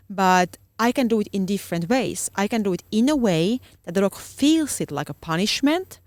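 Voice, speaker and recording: Woman, mid-pitched voice, halting with many fillers, dry close sound. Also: animated, no echo. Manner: searching for words, many fillers. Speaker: guest dog trainer. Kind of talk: casual podcast conversation.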